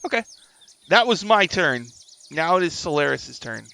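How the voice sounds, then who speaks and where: A man running a tabletop game as dungeon master, thinking aloud in an unhurried way. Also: on the high side, very animated, gravelly, pushed and bright.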